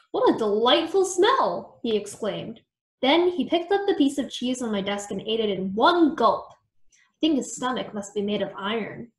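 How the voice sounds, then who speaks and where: A woman reading a children's storybook aloud in an expressive storytelling manner. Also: a little high. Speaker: storytime reader. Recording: echoey room.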